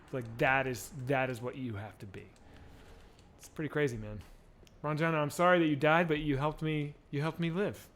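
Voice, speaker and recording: A man's voice: fairly high pitch, steady tone, moderate pace, fairly bright tone. A man streaming a game, chatting casually to viewers in a loose, profane, rambling way with frequent restarts. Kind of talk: casual chat while gaming.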